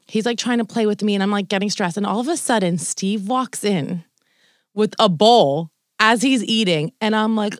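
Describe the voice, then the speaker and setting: A woman's voice: medium pitch, normal speed, no echo, clean studio sound. A young woman co-hosting a casual podcast, telling a long anecdote with lots of "like", swearing and laughter. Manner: animated storytelling, acts out quoted lines, swears, laughs often. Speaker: podcast co-host.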